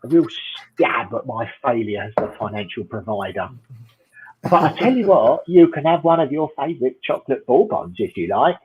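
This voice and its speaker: Husky English comic on a tinny line. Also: male voice, mid-range voice, expressive, normal speed. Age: middle-aged. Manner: dry, rambling, self-mocking. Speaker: stand-up comedian. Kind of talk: stand-up routine over video call.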